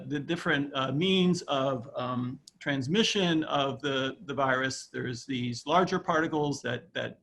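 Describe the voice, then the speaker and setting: A slightly high-voiced man walks through research slides like a lecturer. He hesitates often, filling gaps with "uh" and restarting phrases as he goes. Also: gravelly, fairly bright tone. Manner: halting, many "uh" fillers and restarts. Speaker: university scientist presenting a research project. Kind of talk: recorded slide presentation.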